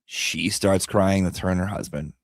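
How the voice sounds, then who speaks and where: Gravelly low-voiced man telling a story. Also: fairly even intonation, normal speed, no echo, studio quality. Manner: candid and emotional, with frequent repeats and casual swearing. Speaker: vlogger and pet owner. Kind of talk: casual personal storytelling.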